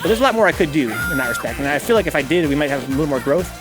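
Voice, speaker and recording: A man's voice: on the high side, animated, rapid-fire. A man hosting a casual live game stream, rambling and chatty, reading chat messages aloud and swearing casually. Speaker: streamer and host. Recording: game music playing under the voice.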